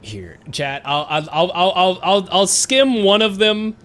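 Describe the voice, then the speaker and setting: A man's voice: high voice, lively intonation, slow pace, a bit bright, a little hiss or hum. A young man streaming live and chatting casually while gaming, rambling with stammered repeats and frequent giggles.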